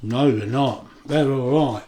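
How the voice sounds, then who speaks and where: A man's voice: mid-range voice, measured pace, mellow, roomy sound, a little hiss or hum. A middle-aged man with a chatty, homely way of talking, laughing often as he chats to camera in his kitchen. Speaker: food vlogger. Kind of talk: casual chat to camera. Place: home kitchen.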